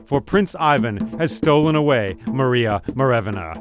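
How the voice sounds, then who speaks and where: A man's voice: mid-range voice, lively intonation, normal speed, music in the background, natural voice. A man voicing a loyal talking warhorse in a spoken folktale, grave and warning.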